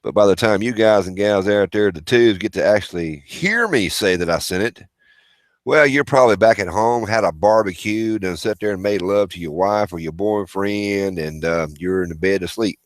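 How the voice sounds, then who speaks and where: Low-voiced man rambling through a livestream. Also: moderate pace, no echo. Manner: rambling, reads out viewer chat and greets viewers by name. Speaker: livestream host. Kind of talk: casual livestream chat.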